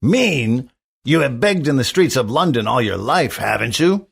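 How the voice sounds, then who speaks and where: A man's voice: mid-range voice, lively intonation, normal speed, gravelly, slightly rough, pitched above the performer's own voice. A man voicing a sly, pushy teenage beggar boy who talks in a wheedling, bossy way while reading a storybook aloud. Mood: coaxing.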